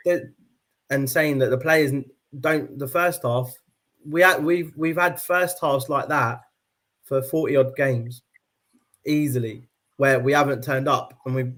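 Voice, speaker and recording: A man on a fan panel, making his point in halting bursts and often checking "right?". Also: medium pitch. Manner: halting, restarts often, keeps asking "right?". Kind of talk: casual debate chat.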